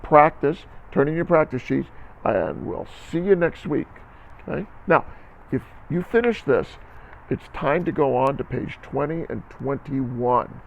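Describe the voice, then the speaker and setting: A man's voice: mid-range voice, animated, measured pace, vocal fry, muffled recording, slight background noise. A man teaching a recorded band lesson to students, encouraging them and counting beats aloud.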